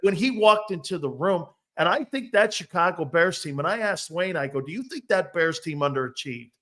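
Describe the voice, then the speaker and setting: A male sports show host with a somewhat high voice, chatting casually. He winds through long, rambling questions and brings retold stories to life. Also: animated, a little fast, sharp tone. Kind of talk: casual interview chat.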